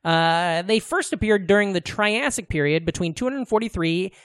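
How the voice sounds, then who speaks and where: A man's voice: high-pitched, moderate pace, a bit bright, clear, resonant tone, dry recording, studio quality. A young man co-hosting a podcast in casual, joking, profane chat. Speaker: podcast co-host.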